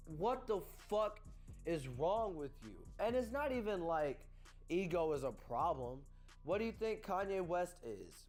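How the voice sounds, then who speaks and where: A man's voice: fairly high pitch, a little mellow. A young man giving a profane, exasperated album review rant, stumbling over restarts and repeating himself as he vents. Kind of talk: ranting music review.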